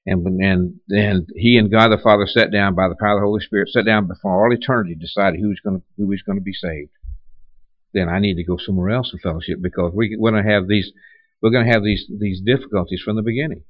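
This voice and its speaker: Male pastor, low voice, dry and slightly muffled sound, conversational preaching style. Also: fairly even intonation, quick pace, dry recording. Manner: conversational preaching with repeated restarts and rhetorical questions. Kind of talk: sermon.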